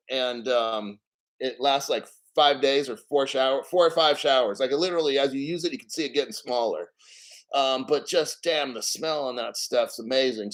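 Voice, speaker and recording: A man with a medium-pitched, somewhat bright voice hosts a crypto livestream. He chats casually and rambles, swears freely, and greets viewers by reading their chat names aloud.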